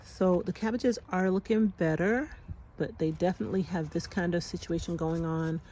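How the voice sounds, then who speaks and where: For her casual garden vlog, a homestead vlogger in her thirties walks her backyard and chats with viewers, sighing and saying y'all. Her voice is on the low side and warm, at a moderate pace, with a little hiss or hum in the recording.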